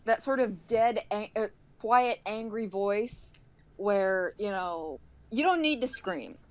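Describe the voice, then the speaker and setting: A woman playing a tabletop role-playing game over a call, explaining her character haltingly, with many restarts. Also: medium pitch, animated, low-quality recording. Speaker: player.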